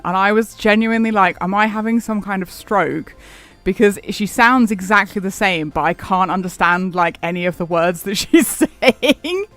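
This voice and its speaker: A man's voice: high-pitched, gravelly, fairly bright tone. A man streaming a game, chatting casually and rambling, laughing often as he answers chat. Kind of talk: casual live-stream chat while gaming. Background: faint background music.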